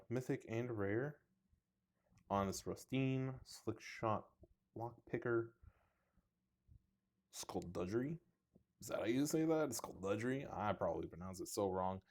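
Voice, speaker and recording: This card box opening host has a fairly low, slightly mellow voice with vocal fry, and the recording carries a little hiss or hum. He casually cracks trading card packs indoors beneath two large lights, reading out card names and poking fun at himself.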